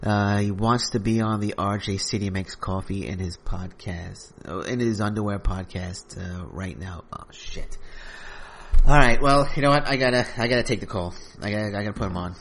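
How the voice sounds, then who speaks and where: A man's voice: fairly low pitch, steady tone, fairly quick, hardly any pauses, a bit bright, slight background noise. Rambling New man hosting a podcast. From Flushing, Queens, New York. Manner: rambling, hesitant, full of restarts. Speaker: podcast host. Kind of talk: casual comedic monologue.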